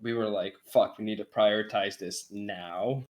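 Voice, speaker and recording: Wry low-voiced man bantering. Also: steady tone, normal speed. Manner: wry, joking. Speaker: player. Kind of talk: casual banter.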